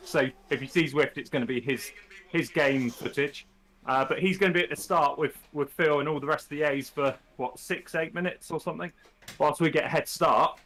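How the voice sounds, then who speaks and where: A man hosts a live stream in easygoing chat, explaining the plan and teasing his friends in a wry way. His voice sits somewhat high for a man. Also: a bit bright. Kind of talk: casual chat.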